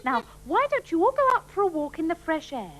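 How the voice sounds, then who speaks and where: A woman's voice: extremely high pitch, big pitch swings, brisk, low-quality recording. A woman voicing a bossy, health-obsessed female puppet panda who lectures in a prim, sly way.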